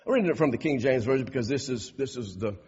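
Husky preaching man in an echoey hall. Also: mid-range voice, fast, a little mellow. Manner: emphatic preaching with repetitions and rising intensity. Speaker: pastor. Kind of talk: sermon. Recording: dull, echoey hall recording.

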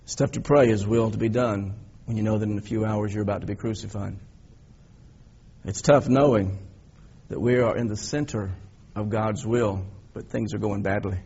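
A man preaching a sermon as a pastor, telling the story in an animated way and swinging between loud emphasis and quiet reflection. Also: fairly low pitch, moderate pace, breathy edge, lo-fi sound.

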